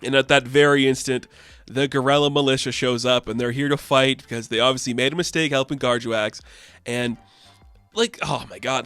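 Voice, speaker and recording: A man giving a casual comic book recap, excited and rambling. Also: mid-range voice, normal speed, smooth, no echo, soft background music.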